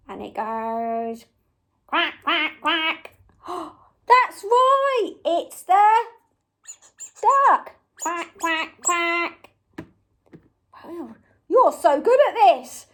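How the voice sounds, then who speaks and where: A young woman leading a memory game for small children, gasping with surprise and making animal sounds. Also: very high-pitched. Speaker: early years teacher.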